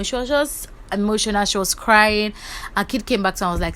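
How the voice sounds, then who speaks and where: Brief: woman gossip host, lively storytelling, plays all the parts herself. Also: mid-range voice, fairly quick. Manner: animated, acts out quotes. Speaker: gossip vlogger. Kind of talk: casual retelling of reality show drama.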